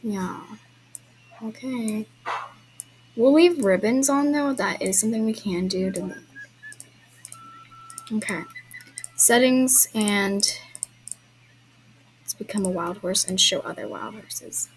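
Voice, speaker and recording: Speaking slowly with long pauses in a mid-range voice, a young vlogger hosts a trail ride in an online horse game, chatting to viewers and apologizing with little laughs. The recording is rough, with slight background noise.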